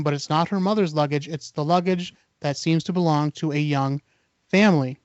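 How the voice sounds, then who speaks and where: A man's voice: on the high side, dry recording, lo-fi sound. A man hosting a podcast, retelling an urban legend casually with lots of fillers and acted-out dialogue. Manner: animated retelling, acts out dialogue, many fillers. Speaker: podcast host.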